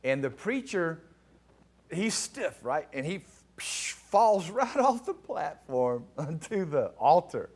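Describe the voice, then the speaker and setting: A middle-aged pastor telling a personal testimony in a sermon, animated and excitable, with a gravelly voice. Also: male voice, slow pace. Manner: animated storyteller, rising to excited high pitch at climaxes. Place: television studio.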